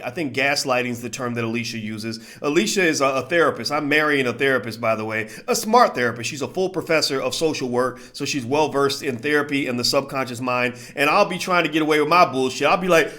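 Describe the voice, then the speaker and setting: A man hosting live-streamed commentary, talking to his viewers in an animated, preachy way and often repeating himself. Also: fairly high pitch. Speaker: commentator and channel host.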